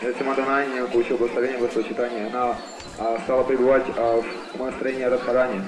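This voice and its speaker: Rapid-fire male interpreter. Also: mid-range voice, little pitch movement. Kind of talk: live translation. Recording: echoey hall with a crowd.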